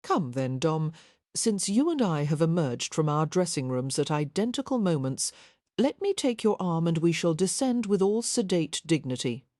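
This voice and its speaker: A woman's voice: sits low, sing-song, normal speed, warm tone, dry recording, studio quality. A woman reading an audiobook, voicing a bubbly young lady who gushes playfully. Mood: giddy. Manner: gushing, playful.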